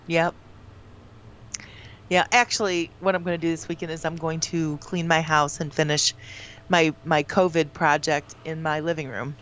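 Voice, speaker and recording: A woman's voice: deep voice, level tone, moderate pace, fairly bright tone. Dry, teasing radio woman. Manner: dry, teasing, laughs along. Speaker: radio show co-host. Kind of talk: casual morning radio banter.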